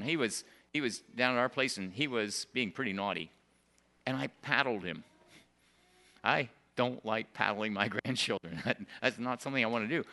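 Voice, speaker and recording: An older man preaching a sermon, emphatic at times and dropping to soft, quiet storytelling. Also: medium pitch. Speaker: pastor.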